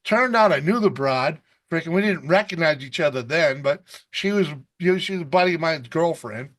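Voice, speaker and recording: A man's voice: fairly high pitch, lively intonation, a little fast, a bit bright. A man hosting a casual video call chat, rambling through a profane story and laughing often. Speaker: host.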